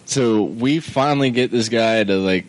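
A man's voice: mid-range voice, normal speed. A man co-hosting a casual podcast, joking, cutting in and laughing often. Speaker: podcast co-host. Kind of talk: casual chat.

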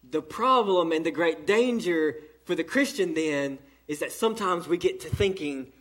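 A man with a Southern American accent preaching a sermon in church, with emphatic pauses. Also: a little high, expressive, a bit bright. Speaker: pastor. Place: church during an evening service.

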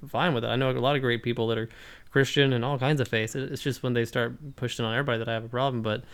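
Brief: young male co-host, rapid and crisp delivery, swears freely in casual chat. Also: mid-range voice, fairly even intonation. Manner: blunt, profane, fast rambling storytelling.

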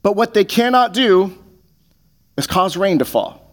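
A man's voice: sits high, lively intonation, measured pace. A man preaching a sermon as pastor, earnest, often restarting his words.

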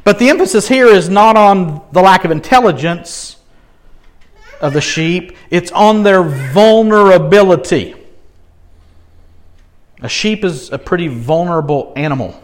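A man preaching a sermon, expressive, asking rhetorical questions and swinging from quiet asides to emphatic peaks. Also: measured pace, pauses often. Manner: expressive, rising to emphatic peaks and dropping low. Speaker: pastor.

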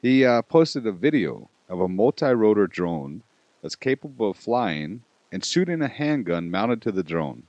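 A man's voice: lowish voice, sing-song, normal speed, darkish tone, dry recording, highs cut off. A man co-hosting a podcast in loose, casual chat, laughing often and swearing freely. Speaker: podcast co-host.

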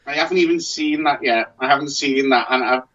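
A man's voice: medium pitch, fairly quick, a bit bright, muffled recording. A man chatting casually as a podcast co-host, rambling and restarting his sentences often. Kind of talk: casual chat.

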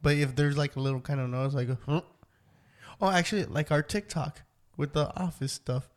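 A man's voice: on the high side, fairly quick. A man co-hosting a podcast, telling a profane story in casual chat and acting out his own lines. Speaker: podcast co-host.

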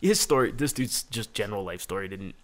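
A man's voice: lowish voice, lively intonation, fairly quick. Rambling, profane male storyteller. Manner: rambling, profane, heavy use of "like". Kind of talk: casual storytelling chat.

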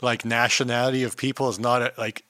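A man's voice: medium pitch, level tone, fast talker, sharp tone, dry recording. A man co-hosting a podcast, blunt and teasing, swearing in casual chat. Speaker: podcast co-host.

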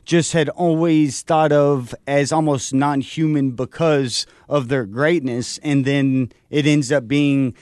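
A man in his thirties co-hosts a sports talk show. He talks in long, rambling run-on sentences, with a voice that sits a little higher than usual. He is recorded close and dry. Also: fairly even intonation, slow pace, hardly any pauses, darkish tone, clear, resonant tone, no room sound. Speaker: co-host.

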